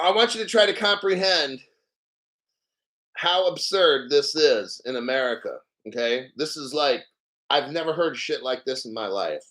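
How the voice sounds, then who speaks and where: A livestream host rants in disbelief, laughing often and swearing as he delivers live commentary. His voice sits on the high side and sounds a bit bright.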